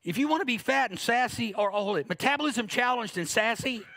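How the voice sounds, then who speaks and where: High, gravelly man preaching a sermon. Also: animated, brisk, bright, forceful tone. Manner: humorous, conversational preaching with acted-out asides. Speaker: pastor.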